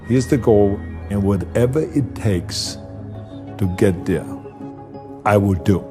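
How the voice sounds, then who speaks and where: An older man with a German accent delivers motivational lines with heavy emphasis, often repeating a phrase to drive it home. His voice sits on the lower side, and faint music plays underneath. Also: takes it slowly. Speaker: public speaker. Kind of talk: motivational speech clips.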